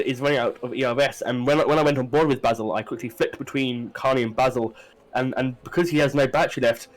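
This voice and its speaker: A man's voice: mid-range voice, poor audio. A man giving chatty live commentary on a sim race, with many fillers and restarts.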